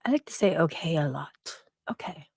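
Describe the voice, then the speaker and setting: A woman's voice: sits low, expressive, brisk, gravelly, darkish tone, husky, dry recording, clean studio sound. A woman hosting a casual livestream, chatting, swearing freely and greeting viewers from the chat. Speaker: livestream host.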